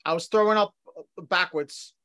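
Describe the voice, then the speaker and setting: A man chatting casually, halting and repeating himself as he speaks. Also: high-pitched, bright, forceful tone, no room sound. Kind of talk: casual banter.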